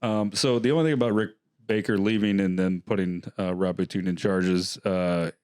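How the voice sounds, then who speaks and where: A man's voice: deep voice, steady tone, normal speed, a little mellow, clean tone, no echo, studio quality. A man hosting a horror film podcast, chatting casually and loosely with lots of fillers and laughs. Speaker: podcast host. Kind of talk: casual chat.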